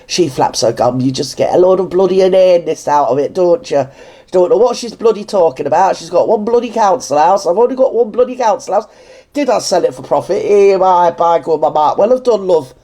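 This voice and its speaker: A little fast and lively in intonation, this woman's lowish, warm voice drives a standing, indoor rant for her reaction video. She's British, speaks with a British English accent, and mixes sarcasm and indignation with mocking put-on voices.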